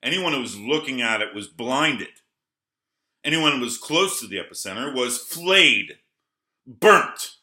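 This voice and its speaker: A man vlogging a rambling early-morning monologue. He swings between low mutters and heated outbursts, swears, and keeps apologizing. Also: lively intonation, moderate pace, pushed and bright. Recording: roomy echo.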